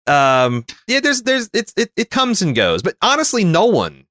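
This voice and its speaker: A man's voice: high voice, wildly swooping pitch, moderate pace, few pauses, bright, forceful tone, dry recording, clean studio sound. A man from North America co-hosting a casual movie chat, wry and rambling, full of fillers and restarts. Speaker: podcast co-host.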